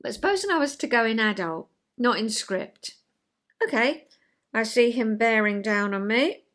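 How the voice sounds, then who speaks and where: A woman, hosting a chatty vlog and explaining ideas in a gentle, conversational way, acting out little everyday scenes. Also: on the high side, lively intonation, moderate pace. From England. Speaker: vlog host, retired counsellor.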